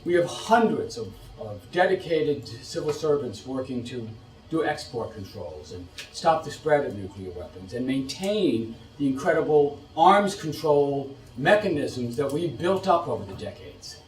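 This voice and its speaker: A middle-aged American policy expert lectures an audience in an echoey room, animated and full of rhetorical questions and repeated phrases. His mid-range voice keeps a measured pace and sounds far from the mic.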